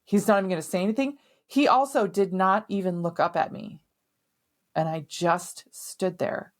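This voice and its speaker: A woman's voice: medium pitch, normal speed. A middle-aged woman hosting a podcast, telling a personal story in a candid, emphatic way and swearing now and then. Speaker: podcast host.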